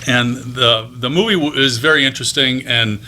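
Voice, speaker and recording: This is a man in his fifties guesting on an interview show, recounting how he moved from teaching into voice and on-camera acting. His voice is bright and forward. He rambles in a friendly, anecdotal way, with plenty of fillers and restarts. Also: mid-range voice, normal speed, a little hiss or hum. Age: 50s. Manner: chatty anecdotal telling with frequent ums and restarts. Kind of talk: casual interview storytelling.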